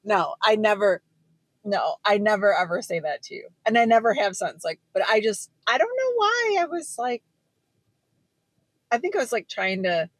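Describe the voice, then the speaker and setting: A middle-aged woman, the mother, chatting casually in a car, relaxed and laughing along as she explains herself. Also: mid-range voice, normal speed, no echo. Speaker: podcast co-host, mother. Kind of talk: casual chat.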